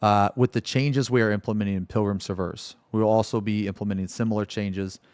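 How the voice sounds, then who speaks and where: A man's voice: lowish voice, steady tone, fairly quick, a little mellow, clean tone, no echo. A man streaming live, ranting emphatically, swearing freely and checking in with the audience again and again. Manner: emphatic, keeps asking "okay?", swears freely.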